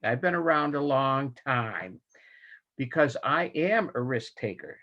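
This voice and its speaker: A man's voice: medium pitch, a little slow. Enthusiastic older man on a lo-fi call. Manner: enthusiastic, folksy, animated delivery. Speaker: general evaluator. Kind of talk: club meeting evaluation. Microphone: video call. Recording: dull lo-fi video call audio.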